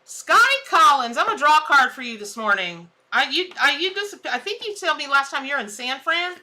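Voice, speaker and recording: Chatty woman tarot reader, high and bright, exclamatory live-stream host. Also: expressive, a little fast. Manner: chatty, exclamatory, laughs at her own jokes. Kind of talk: casual live-stream chat.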